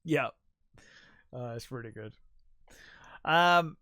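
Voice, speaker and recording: A man's voice: medium pitch, slow pace, bright, forceful tone, clear, resonant tone, no echo, clean studio sound. A man co-hosting a podcast, casually retelling film scenes in a chatty way with lots of fillers and laughs. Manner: retells scenes in quoted voices, laughs often, many fillers. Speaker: podcast co-host. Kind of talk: casual film review chat.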